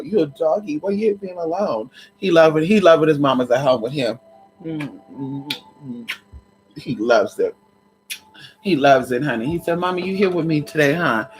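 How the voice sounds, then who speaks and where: Sassy chatty woman with a lively voice. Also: deep voice, normal speed. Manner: sassy, chatty, keeps calling listeners honey and girl; breaks into loud laughs and exclamations. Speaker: livestream host teaching conjure. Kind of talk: casual livestream chat.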